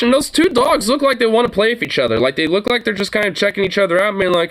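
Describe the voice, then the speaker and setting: A man's voice: high-pitched, expressive, fast talker, hardly any pauses, a bit bright. A man ranting through casual reaction commentary, profane and rambling, laughing often. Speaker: streamer reacting to videos.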